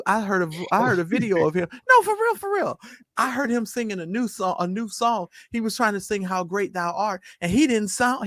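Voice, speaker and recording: A man's voice: high-pitched, no room sound, clean studio sound. A man, a guest on a casual talk show, telling stories with mocking impressions and laughter. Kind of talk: casual chat.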